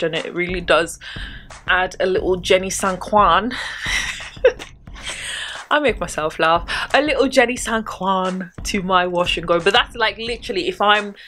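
A woman's voice: lowish voice, a bit bright, a little hiss or hum. A woman chatting casually about hair care tools, with rambling, self-deprecating asides. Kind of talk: casual chat.

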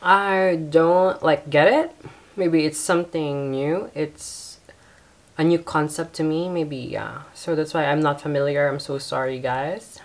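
A woman with a Filipino accent hosts a casual pageant reaction, talking in a low, deep-set voice. She takes her time and fills the gaps with quiet hums. Her manner is soft and often apologetic. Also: steady tone, unhurried. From Philippines.

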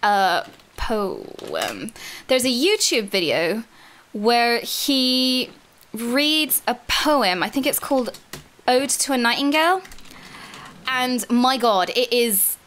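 Bright-voiced excitable woman gamer. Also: a little high. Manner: chatty, excitable, quick to laugh and tease. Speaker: gaming video co-host. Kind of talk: casual chat while gaming on a stream.

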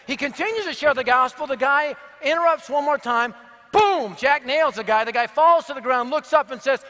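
High bright-voiced energetic preacher. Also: male voice, brisk, a faint crowd. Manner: energetic, punchy, joking. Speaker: evangelist speaker. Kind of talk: sermon with humorous storytelling. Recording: long reverb of a big hall.

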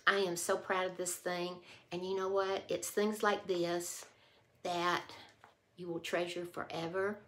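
A woman's voice: on the low side, a bit bright. A woman vlogger chatting casually to camera, heartfelt and emotional, often trailing off mid-thought. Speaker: haul vlogger.

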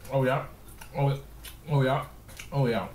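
A man's voice: medium pitch, steady tone, takes it slowly, a little mellow. A man giving hyped let's-play commentary, full of playful trash talk and slang. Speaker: gaming streamer. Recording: echoey room with background noise.

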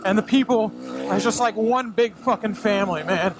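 A man's voice: sits high, moderate pace. A man talking to himself while riding a dirt bike on a wooded trail, out of breath, profane and self-mocking. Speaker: dirt bike racer vlogging. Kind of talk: casual self-talk commentary while riding. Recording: loud engine noise behind the voice.

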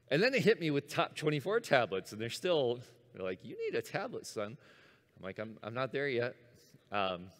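A man in his fifties giving a conference talk, animated and acting out his own inner voice. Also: medium pitch. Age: 50s. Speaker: conference speaker. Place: large conference hall. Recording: long hall reverb.

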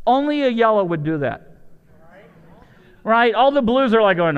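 A man preaching as a pastor, storytelling with lively swings between excited high lines and quiet low asides. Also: measured pace, pauses often, smooth. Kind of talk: lively sermon with acted-out voices. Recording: dull lo-fi church hall sound.

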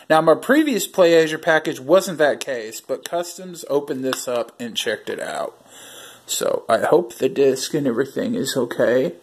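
A man hosting a casual unboxing vlog, chatting to viewers while handling what he unpacks. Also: fairly high pitch. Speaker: video host.

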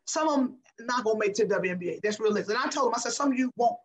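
A woman's voice: fairly high pitch, lively intonation, racing, low-quality recording. A middle-aged woman, a former basketball player, talking passionately and emphatically as a guest in an interview. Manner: passionate, emphatic, repeats herself. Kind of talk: casual interview talk.

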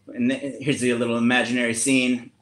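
A man reading a children's book aloud over a video call, playfully shifting his pitch for the animal voices. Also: little pitch movement, brisk, a bit bright, echoey room. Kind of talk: storytime reading with chat.

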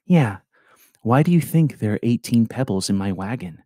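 A man voicing a quirky, playful teenage girl who talks softly and teases. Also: lowish voice, animated, moderate pace, dry recording, studio quality. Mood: teasing.

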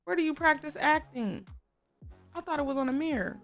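A woman's voice: high voice, expressive, brisk, fairly bright tone, faint music behind. A woman giving casual, chatty commentary while playing a life-sim game, often talking to the characters on screen. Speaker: gaming creator. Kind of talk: casual let's-play commentary.

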